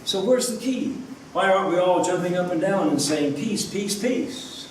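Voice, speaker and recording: A man's voice: high-pitched, lively intonation, a little fast. A man preaching a sermon as pastor, earnest, asking his listeners rhetorical questions. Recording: echoey room, from a distance, faint background noise.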